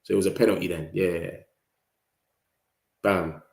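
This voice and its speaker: Slangy London lad in a roomy echo. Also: male voice, low voice, steady tone, a little slow, gravelly, long pauses, a little mellow. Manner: loose slangy banter, mimics rival fans in a raised voice. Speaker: football fan channel host. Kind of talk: casual live-stream chat.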